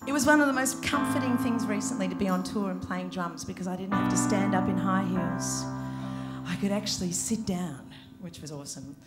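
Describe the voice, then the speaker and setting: A woman's voice: mid-range voice, fairly quick, loud music behind the voice. An Australian woman giving a candid, chatty, self-deprecating acceptance speech into a handheld microphone on a concert stage. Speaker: award inductee and singer.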